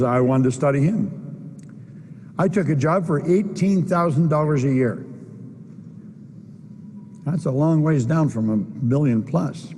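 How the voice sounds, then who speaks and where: A man's voice: fairly high pitch, darkish tone, a little hiss or hum. An older man giving a motivational keynote at a convention, speaking emphatically and repeating his key phrases. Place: convention hall stage. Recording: long reverb of a large hall.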